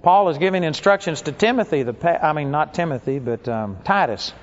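A man preaching a sermon, telling stories and acting out the people in them. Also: fairly quick. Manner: animated storytelling, acts out quoted people in higher voices. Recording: dull lo-fi recording.

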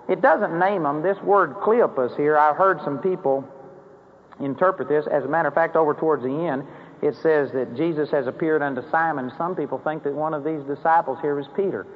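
Man, preacher, high voice, conversational sermon, emphatic, long hall reverb, muffled recording. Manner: conversational preaching that rises into emphatic acted prayers. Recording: dull, hollow-sounding sermon recording with faint hiss.

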